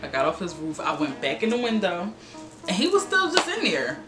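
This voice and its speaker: A young woman vlogger tells a dramatic personal story in a lowish, fairly quick voice, acting out the voices of the people involved. Her storytime is animated and full of cursing and performed quotes, recorded in an echoey room with music behind her.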